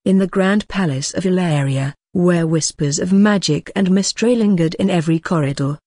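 A woman narrating a scripted story recap, reading every character in an even, quick manner with little change between voices. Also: on the low side, dry recording, studio quality.

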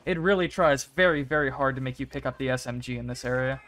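A man's voice: mid-range voice, quick pace, fairly bright tone, slight background noise. A young man giving casual gameplay commentary, talking to himself and to the characters on screen, begging, cursing and celebrating. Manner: talks to himself and game characters, pleading and swearing. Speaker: gaming YouTuber.

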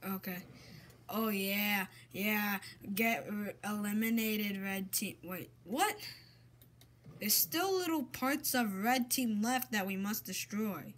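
A woman commentating her own gameplay, excitable and exasperated, swapping in mild minced oaths. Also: medium pitch, slow pace, slight background noise. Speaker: gamer.

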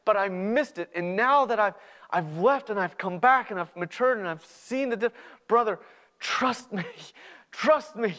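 A man's voice: very high-pitched, animated, fairly quick, fairly bright tone, pitched above the performer's own voice. A man playing a repentant younger son in a sermon parable, talking earnestly with stumbling restarts. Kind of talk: sermon storytelling.

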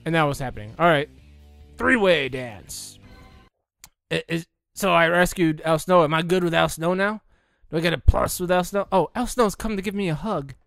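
A young man doing a jokey, excitable commentary over a video game, bursting into mock announcer shouts. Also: a little high, moderate pace, creaky, dry recording, faint music behind. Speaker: let's play gamer. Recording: dry close recording.

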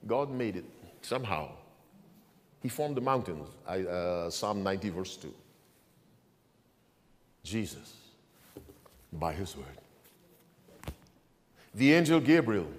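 A male pastor preaching a sermon, asking the congregation to answer back and swinging between quiet asides and loud proclamation. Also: medium pitch, long reverb tail.

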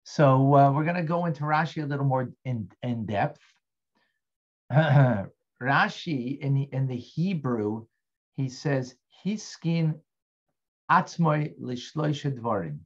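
A man's voice: mid-range voice, slow, highs cut off. A man teaching an interactive online Torah class as a rabbi. He asks his students questions and thanks them by name.

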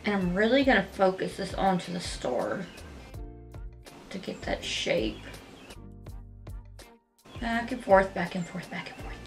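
A woman talking casually at home as she walks through a makeup tutorial step by step, chatty and gushing but gentle. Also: mid-range voice.

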